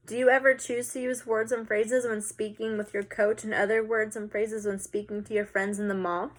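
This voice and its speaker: A female teacher takes students through a recorded lesson in a casual, relaxed manner, using some filler words. Her voice is mid-range and her pace moderate.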